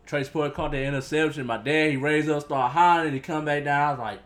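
A man's voice: on the high side, fairly even intonation, fast, a bit bright. A young man co-hosting a casual sports chat in a laid-back, laughing way. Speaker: podcast co-host.

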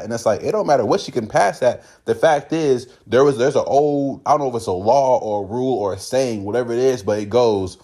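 A man's voice: medium pitch, animated, fairly quick, few pauses, darkish tone. A man with a Californian accent, hosting a casual solo commentary podcast and acting out other people's reactions in quoted voices. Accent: Californian English. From United States. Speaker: podcast host.

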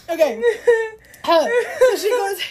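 A woman with a bright, high voice co-hosts a casual podcast. She talks in a sarcastic, joking way, laughs often, and reads book passages aloud with mock drama. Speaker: podcast co-host. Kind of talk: casual chat.

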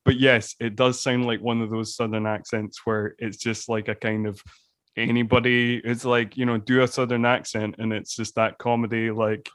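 A man's voice: mid-range voice, flat delivery, normal speed, dry recording, studio quality. A man co-hosting a podcast, chatting casually about a movie, rambling with lots of restarts and fillers. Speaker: podcast co-host. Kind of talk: casual film discussion.

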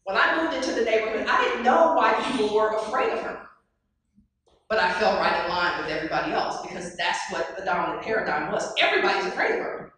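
A woman giving an animated motivational speech, telling stories and putting questions to an audience in a large hall. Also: medium pitch, brisk. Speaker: motivational speaker. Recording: very echoey hall, far mic.

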